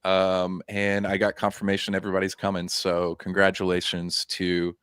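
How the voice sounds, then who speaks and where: Laid-back guy hosting a stream, lowish voice, dry mic. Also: monotone, moderate pace, a bit bright, smooth, no echo. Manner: easygoing, laid-back, with filler words. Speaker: host. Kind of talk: casual livestream chat.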